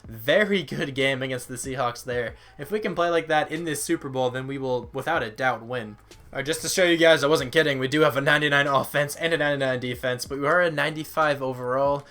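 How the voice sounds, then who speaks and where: A man's voice: medium pitch, a little fast, pushed and bright, faint music behind. A tired young man giving casual, rambling commentary on a football video game, reading out stats, his voice sometimes cracking. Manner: rambling, self-deprecating, reads out stats. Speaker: gaming YouTuber.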